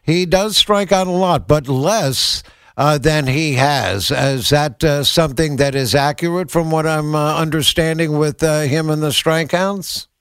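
Man, radio host, interviewing, hesitant, frequent uhs, somewhat high pitch, dry studio sound. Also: a little slow, a bit bright, clear, resonant tone, dry recording.

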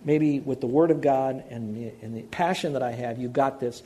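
A man's voice: mid-range voice, normal speed, dark tone, slight background noise. A man preaching a sermon as a pastor, conversational, repeating key words for emphasis. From Hawaii.

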